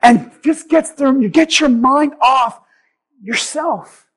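A man, a pastor, preaching a sermon and telling a personal story with animated delivery that builds to forceful exhortation. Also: very high voice, slow pace, rough recording.

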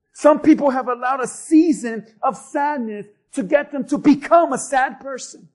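High-voiced emphatic male preacher. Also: low-quality recording. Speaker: pastor. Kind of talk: sermon.

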